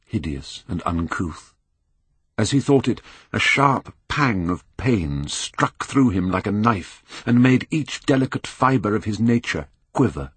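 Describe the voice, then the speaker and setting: An older man reading a classic novel aloud in measured, expressive storytelling. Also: deep voice, husky, no room sound. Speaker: audiobook narrator. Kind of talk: scripted narration.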